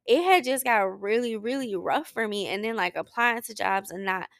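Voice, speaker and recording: Podcast host, woman, candid check-in, a bit gravelly, tearful, dry close sound. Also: mid-range voice, normal speed, a bit bright, dry recording. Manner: candid, emotional, rambling with restarts. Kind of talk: personal check-in talk. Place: Saint Louis.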